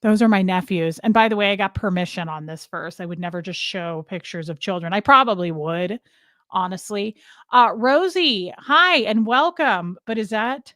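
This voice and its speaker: In a casual live chat, a woman livestream host drifts from topic to topic and greets viewers by name. Her mid-range voice moves at normal speed and is a bit bright. The recording is dry and studio quality.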